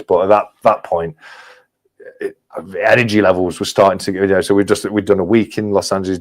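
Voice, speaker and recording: A man's voice: sits low, a little mellow. A man with an English accent, a guest on a livestream, telling a casual anecdote and laughing as he goes. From England. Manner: chatty, laughs through his anecdotes. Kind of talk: casual storytelling.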